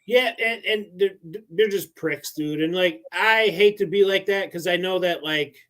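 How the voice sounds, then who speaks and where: A laid-back man with a high voice, chatting on a podcast. He swears freely and ends lines with dude. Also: a little slow, fairly bright tone. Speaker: podcast co-host. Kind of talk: casual chat.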